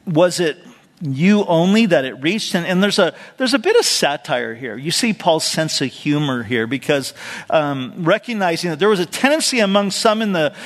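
A male pastor with a little high, fairly bright voice preaches an expository sermon verse by verse. He keeps it conversational, adding asides and asking the congregation questions, and the recording has a long hall reverb.

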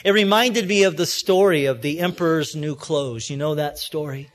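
A man's voice: a little high, normal speed. A man preaching a sermon in a conversational, storytelling way, with plenty of restarts as he works through his points. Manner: storytelling preacher, acts out quoted voices. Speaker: pastor.

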